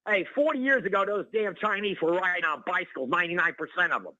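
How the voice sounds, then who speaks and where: A male caller on a talk radio show, ranting excitedly and calling the host by name over and over. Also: high-pitched, fast talker, no echo, highs cut off. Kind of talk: heated call-in rant.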